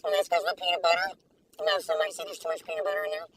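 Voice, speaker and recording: A woman taste-testing food in a casual vlog, talking in an excitable, giggly, gushing way. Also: extremely high pitch, very fast. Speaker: food reviewer. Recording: distant mic with faint background noise.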